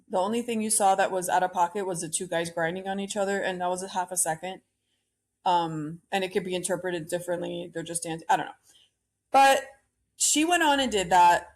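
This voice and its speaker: A woman hosting a solo podcast, ranting bluntly and opinionatedly about pop culture and swearing freely. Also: medium pitch. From Cuban-American. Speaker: podcast host.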